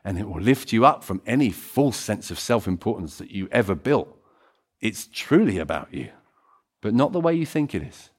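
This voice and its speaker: A man preaching a sermon as pastor, swinging between excited loud passages and quiet, intimate ones. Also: lowish voice, normal speed, breathy edge. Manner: animated, swings from loud to hushed.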